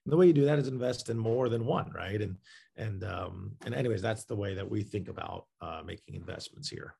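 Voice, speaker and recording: Gravelly, husky-voiced man explaining. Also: on the low side, fairly quick, warm tone. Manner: explanatory, many fillers and restarts. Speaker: crowdfunding platform founder. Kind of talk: interview answers.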